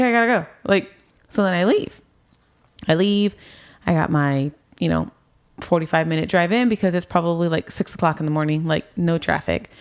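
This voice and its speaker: A woman's voice: fairly low pitch, clear, resonant tone. A woman in her twenties telling her personal story to an interviewer in a casual way, with lots of "like" and "um", acting out what people said. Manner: casual, frequent "like" and "um", acts out past dialogue.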